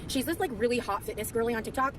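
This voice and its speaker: Played back from her video, a tired young woman rambles casually through a vlog, filling her talk with lots of fillers. Her voice is fairly high and rapid-fire, and the vlog audio has clearly audible background noise.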